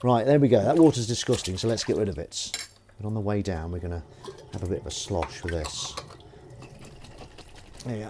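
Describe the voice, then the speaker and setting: A man's voice: on the low side, expressive, moderate pace, long pauses, noisy background. Chatty man washing up on stream. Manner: chatty, reads out viewer comments. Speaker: livestream host. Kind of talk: casual chat while washing dishes. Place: home kitchen at the sink. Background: clinking cutlery and running water.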